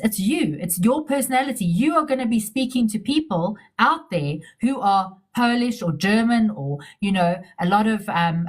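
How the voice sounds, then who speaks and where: A middle-aged businesswoman, telling stories in a casual interview, chatty and repeating herself as she restarts sentences. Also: on the high side.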